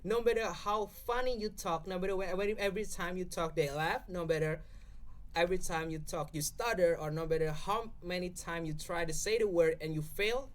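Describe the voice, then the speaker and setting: Indonesian-accented young man explaining. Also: sits high. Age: young adult. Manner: explanatory, keeps checking in with "okay?". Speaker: podcast guest speaker. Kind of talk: casual explanatory podcast talk.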